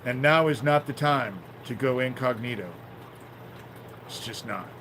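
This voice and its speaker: A man's voice: medium pitch, a little slow, a little hiss or hum, poor audio. Man ranting on a phone livestream. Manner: rambling, swears often, flares into shouting anger. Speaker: livestream host. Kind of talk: casual livestream talk.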